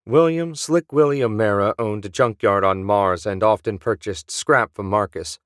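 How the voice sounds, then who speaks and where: A man narrating an audiobook in a steady, even storytelling manner. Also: lowish voice, moderate pace, clean tone, no room sound, studio quality. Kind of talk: scripted narration.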